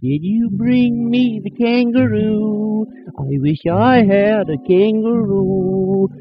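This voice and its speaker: A woman's voice: mid-range voice, slow. A woman singing the part of a fair young maiden in a comic song, with plaintive nagging questions. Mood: pleading. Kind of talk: comic sung dialogue song. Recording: dull old lo-fi music recording. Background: band accompaniment.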